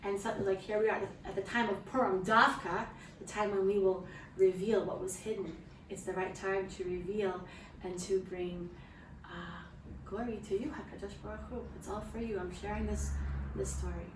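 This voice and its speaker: A woman sharing a personal testimony with guests in a heartfelt, halting way, often pausing to pray aloud. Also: mid-range voice, steady tone, a little hiss or hum. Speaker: mother sharing a testimony at a gathering. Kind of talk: emotional personal storytelling to a small audience. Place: room with guests present. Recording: distant mic in an echoey room with faint ambience.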